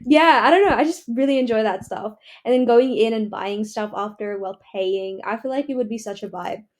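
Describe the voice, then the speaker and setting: A teenage girl who grew up in India, speaking with an Australian accent, co-hosting a casual podcast chat in a fast, rambling, candid way. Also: on the high side. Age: teens. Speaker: podcast co-host.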